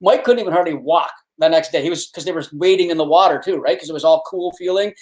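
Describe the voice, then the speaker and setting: A middle-aged man with a Canadian accent spins a long, rambling anecdote in easygoing conversation. His voice sits a little higher than most men's, and he restarts and circles back as he goes. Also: fast, a little mellow. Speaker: guest, fishing show host. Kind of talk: casual storytelling.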